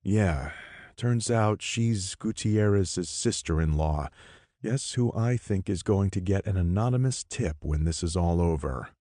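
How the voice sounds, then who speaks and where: A man's voice: low voice, animated, a little slow, mellow, dry recording, studio quality, pitched above the performer's own voice. A man voicing a determined, blunt male team leader in an audiobook, firm and clipped.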